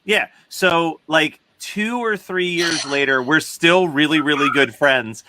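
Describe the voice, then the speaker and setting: A man's voice: a little high, slow pace, sharp tone, a little hiss or hum. A man hosting a casual chat, telling a funny story and laughing often. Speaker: host.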